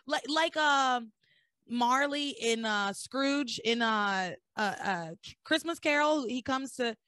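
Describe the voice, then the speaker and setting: A woman hosting a podcast, recapping soap opera episodes in animated, sarcastic casual chat. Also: a little high, slow, smooth, no room sound. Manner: animated storytelling with sarcastic asides.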